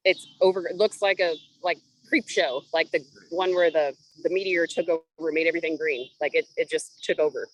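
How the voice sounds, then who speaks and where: A woman co-hosting a podcast, chatting casually in a halting way, with excited rises. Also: sits low, no room sound, rough recording. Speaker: podcast co-host. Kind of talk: casual chat.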